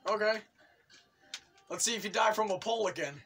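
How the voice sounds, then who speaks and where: A young man hosting a gaming video, commentating excitedly and teasing his opponent with frequent yelps and laughs. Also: sits high, a little fast, soft background music. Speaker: gaming channel host.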